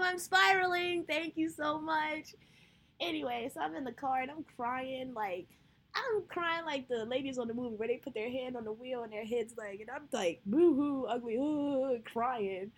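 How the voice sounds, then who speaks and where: A woman's voice: a little high, slight background noise. A woman podcast host telling a personal story in a candid, profane, emotional way.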